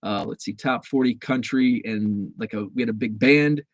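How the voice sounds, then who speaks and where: A man's voice: mid-range voice, moderate pace, no echo, low-quality recording. Rambling male livestream host, dry sound. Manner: rambling with many fillers and restarts; reads out and answers viewer comments. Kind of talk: casual live-stream chat.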